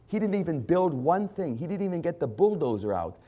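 A man's voice: on the high side, big pitch swings, brisk, few pauses, mellow. A male pastor preaching a sermon, hammering points with repeated rhetorical questions. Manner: repetitive rhetorical questions, emphatic.

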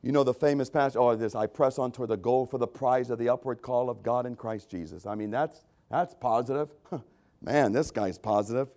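A man preaching a sermon as a pastor, swinging between loud, emphatic repetition and quiet, conversational asides. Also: mid-range voice, fairly quick. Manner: repeats phrases for emphasis.

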